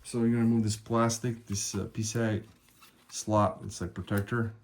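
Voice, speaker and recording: The recording is very noisy as a man casually explains a hardware installation step by step while working, calling his viewers guys. He's a tech video host with a lowish voice and a level tone, speaking at normal speed.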